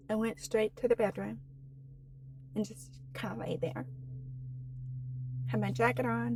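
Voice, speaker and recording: A woman in her forties telling her own story on a personal vlog, slow and halting, with many fillers, earnest and candid. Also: on the high side, noisy background. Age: 40s. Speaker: vlogger.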